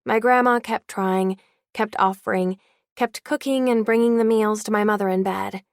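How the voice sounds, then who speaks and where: Gravelly young woman reading an audiobook. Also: medium pitch, fairly even intonation, moderate pace, no echo, studio quality. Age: young adult. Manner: wry, confiding first-person voice. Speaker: audiobook narrator. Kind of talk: first-person audiobook narration.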